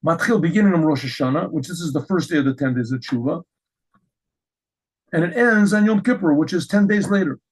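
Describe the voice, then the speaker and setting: A middle-aged man teaching a Torah lesson as a rabbi, telling stories with lively restarts and repeated words. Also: on the high side, fairly quick, slightly rough, rough recording. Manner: animated storytelling with frequent restarts.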